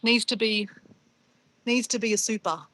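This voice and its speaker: Australian woman, middle-aged, livestream host; bright, slightly high voice, chatty and unbothered. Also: fairly even intonation, moderate pace, low-quality recording. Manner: chatty, upbeat, brushes off insults. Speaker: livestream host reading chat. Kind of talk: casual livestream chat.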